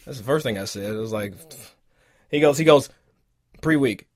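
A man co-hosting a podcast in casual chat, an animated storyteller who laughs often. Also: medium pitch, fast. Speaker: podcast co-host.

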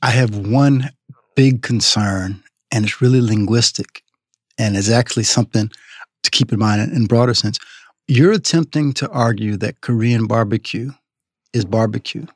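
A man from the Southern United States, a writer and food critic, talking as a podcast guest in an animated, storytelling way. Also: mid-range voice, normal speed, dry recording, clean studio sound. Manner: animated storyteller, acts out quotes. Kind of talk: interview conversation.

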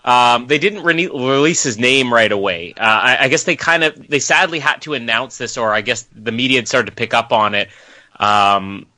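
A man's voice: mid-range voice, moderate pace, sharp tone, no room sound. A man from Canada co-hosting a casual chat show, telling stories in a rambling way with many fillers. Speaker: podcast co-host.

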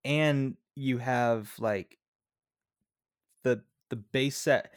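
A man co-hosting a movie podcast, thinking aloud in a relaxed chat. His voice sits in the middle pitch range, and he often pauses and restarts. The sound is dry and close. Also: clean tone, dry recording. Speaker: podcast co-host. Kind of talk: casual movie review chat.

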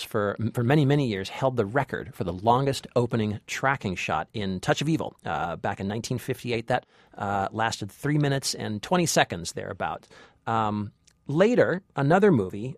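A man co-hosting a casual movie review chat, halting and full of restarts, with wry humor. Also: medium pitch, no room sound, clean studio sound. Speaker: film critic co-host.

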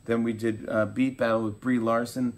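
A man in his forties, a talk show host being interviewed, telling animated stories and acting out quotes. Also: mid-range voice, moderate pace. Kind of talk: casual interview chat.

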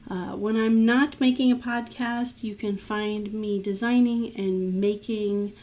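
A woman's voice: mid-range voice, fairly even intonation, darkish tone. Upbeat woman podcast host. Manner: upbeat, laughs often, brisk sign-off plugs. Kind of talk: casual podcast chat and outro.

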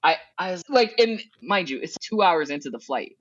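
A woman from Southern California, a guest in an interview, telling stories in a casual way. She acts out her own past thoughts with big jumps in pitch, swears lightly and laughs between thoughts. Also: animated, moderate pace, slightly rough, dry recording. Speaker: guest, educational consultant. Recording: dull, dry sound.

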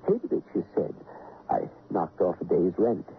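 Lonely bookseller, low voice that rises and falls, wistful, tinny radio. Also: male voice, a little slow, soft background music. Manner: musing, wistful, lively ups and downs. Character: wistful lonely middle-aged bookseller man. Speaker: lending library keeper. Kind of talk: 1950s radio drama acting. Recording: tinny old radio broadcast.

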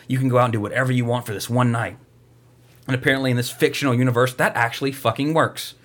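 A man's voice: medium pitch, fairly even intonation, fast. A man casually recapping a movie plot, rambling and profane, mocking it as he goes.

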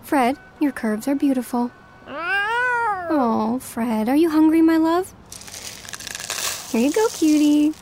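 An earnest, easily rattled young woman, acted by a woman in a comedy audio drama. She speaks high and unhurried, with a faint hiss behind her. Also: animated, a little mellow. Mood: doting. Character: young woman, sweet and anxious. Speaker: Sarah, lead character. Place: city apartment, Brooklyn.

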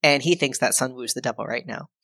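Low-voiced woman recapping a film. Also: dry recording. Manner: animated, acts out characters' lines in quick put-on voices; loose and irreverent, with frequent fillers and profanity. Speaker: podcast co-host.

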